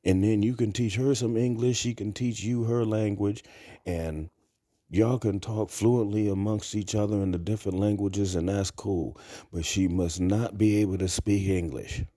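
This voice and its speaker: A man's voice: on the low side, fairly even intonation, moderate pace, dark tone, dry recording, studio quality. A man talking to camera in a blunt, crude, rambling monologue. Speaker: vlogger. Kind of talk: casual monologue.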